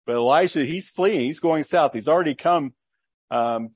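A man's voice: a little high, moderate pace, slightly rough, no room sound. A man preaching a sermon, reading scripture aloud and explaining it with earnest rhetorical questions.

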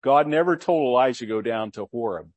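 A man's voice: mid-range voice, animated, quick pace, no echo, highs cut off. Earnest male preacher teaching scripture. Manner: earnest Bible teaching with rhetorical questions; reads scripture aloud then explains it. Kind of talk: sermon.

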